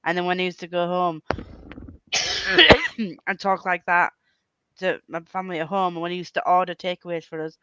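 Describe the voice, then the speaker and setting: A woman with a Yorkshire accent hosting a casual livestream chat over a video call, quick to laugh. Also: lowish voice, background noise. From Yorkshire, England. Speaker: host. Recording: slightly muffled dry audio.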